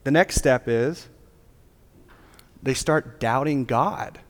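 A man's voice: medium pitch, takes it slowly. Casual preacher man in a reverberant hall. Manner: casual, joking, conversational preaching. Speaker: pastor. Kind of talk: sermon.

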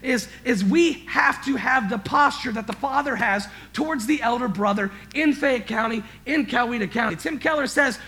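This pastor's voice is extremely high and creaky, moving at normal speed with hardly any pauses. His sermon is emphatic, shifting between quiet and loud passages, and he stumbles over and repeats words as he grows worked up.

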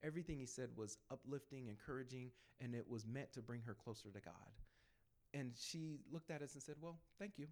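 A man telling personal evangelism stories to a church group in a lively, conversational way, acting out the people he quotes. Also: medium pitch, a little fast. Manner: animated storytelling, acts out quoted voices. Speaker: church speaker sharing testimony.

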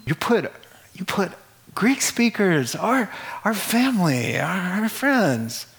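Male preacher doing riled-up churchgoers, high and exasperated. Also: very animated, takes it slowly, a bit bright, full character voice. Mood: indignant. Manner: exasperated, incredulous. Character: indignant churchgoers protesting being passed over.

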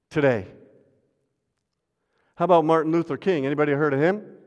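A man's voice: fairly high pitch, normal speed, pauses often. Preaching man with a ringing hall echo. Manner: dramatic swings between loud refrains and hushed asides; calls on the congregation to repeat a refrain. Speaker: pastor. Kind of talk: sermon. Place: church sanctuary. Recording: long hall reverb.

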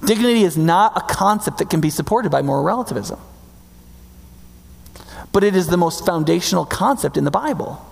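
A man preaching a sermon in a conversational, emphatic way, slowing down to stress key words. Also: on the high side, vocal fry. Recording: long reverb hall.

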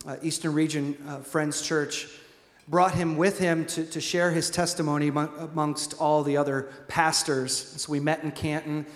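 A man, a church pastor, introducing a guest speaker from the pulpit, hesitant and full of fillers. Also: on the high side. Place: church hall. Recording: roomy church hall with long reverb.

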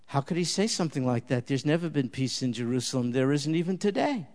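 A male preacher delivering a sermon and closing prayer, swinging from loud emphatic peaks to hushed, reverent prayer. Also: medium pitch, lively intonation, quick pace, few pauses. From Jewish believer in Jesus. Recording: long hall reverb.

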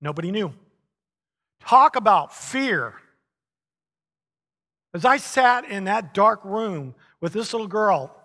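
Middle-aged male pastor, slightly higher voice, animated storyteller with chuckles, long reverb of a large church hall. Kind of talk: sermon.

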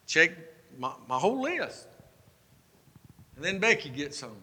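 A pastor preaching a sermon, folksy and self-mocking, building to fervent preaching. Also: male voice, fairly high pitch, very animated, moderate pace, long pauses, sharp tone, breathy edge. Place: church sanctuary. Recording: long hall reverb.

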